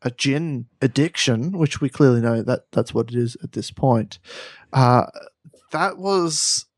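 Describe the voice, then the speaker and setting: A man's voice: mid-range voice, a little slow, no room sound, clean studio sound. An Australian man co-hosting a comedy podcast, telling a story in a rambling, playful way and correcting himself as he goes. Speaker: podcast co-host.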